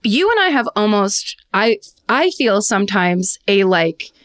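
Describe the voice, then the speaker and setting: A woman's voice: medium pitch, big pitch swings, unhurried, fairly bright tone, no echo, studio quality. Rambling, giggly woman podcast co-host. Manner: rambling, laughs often, restarts sentences. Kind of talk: casual chat. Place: home.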